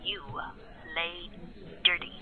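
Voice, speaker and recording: A woman playing a blunt young female friend who jokes her way out of plans, heard over a phone line. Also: slow pace. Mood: dodging wry. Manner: dry, joking and dodging.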